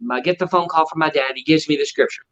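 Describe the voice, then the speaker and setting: A man's voice: on the high side, quick pace. A man, a ventriloquist, telling stories in a casual interview and acting out the people he quotes. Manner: animated storyteller acting out quotes. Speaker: ventriloquist guest. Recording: dull lo-fi audio.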